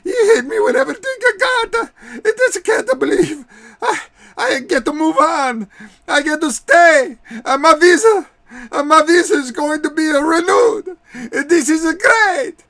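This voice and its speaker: A man's voice: very high-pitched, lively intonation, a little slow, gravelly, pushed and bright, voice pushed up, exaggerated voice. A man voicing a tearful, overjoyed male wrestler from Italy who wails and gasps as he cries. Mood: tearful elation. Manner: wailing, gasping, tearful. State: crying.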